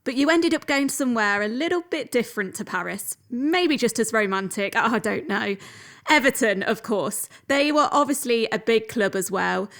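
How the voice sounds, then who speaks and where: A woman's voice: on the high side, lively intonation, moderate pace, fairly bright tone. A woman hosting an interview and reading prepared questions in a friendly way. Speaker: interviewer, host.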